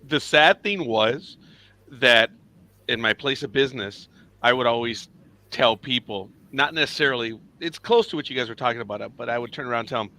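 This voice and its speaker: A man's voice: medium pitch, brisk. A man co-hosting a casual podcast chat, telling workplace stories with lots of laughter and acted-out quotes. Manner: animated, laughs often, acts out quoted lines. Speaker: podcast co-host.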